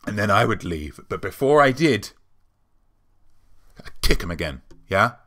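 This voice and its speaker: A man hosting his show, delivering a rambling, deadpan comic monologue full of ums. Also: fairly low pitch, normal speed, long pauses. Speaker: show host.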